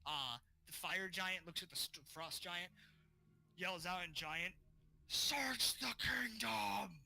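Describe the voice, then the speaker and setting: A man's voice: a little high, fairly even intonation, measured pace, pushed and bright, poor audio. A man narrating as game master in a casual style, with many fillers.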